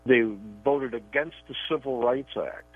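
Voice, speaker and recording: A male columnist co-hosting a political radio show talks a little slowly in a medium-pitched, breathy voice. He's emphatic and tends to repeat words when starting sentences. The audio is a tinny phone line, dry and echo-free.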